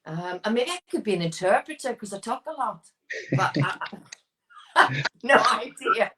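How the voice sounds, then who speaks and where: An older woman chats through quick questions as a guest, brisk and sure of herself. Her voice sits in a middle pitch, neither high nor low. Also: sing-song, noisy background. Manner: brisk, chatty and self-assured. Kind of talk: casual rapid-fire interview answers.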